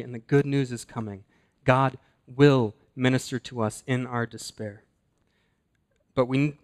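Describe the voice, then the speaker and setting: A man preaching a sermon, earnest and deliberate, slowing down and dropping his voice to stress key words. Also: mid-range voice. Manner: earnest, slows and drops to a hush for emphasis. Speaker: pastor.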